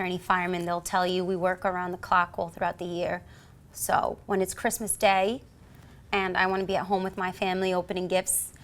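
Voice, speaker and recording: A woman from the United States with a New York accent, a police officer telling a story as an interview guest and acting out the voices in it. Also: mid-range voice. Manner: acts out voices in her stories, lively and theatrical. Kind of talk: animated storytelling.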